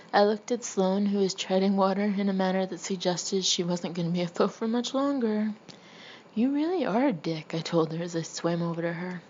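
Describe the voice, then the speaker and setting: A woman narrating a first-person memoir as an audiobook, with wry, deadpan humor. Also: mid-range voice, lo-fi sound, slight background noise.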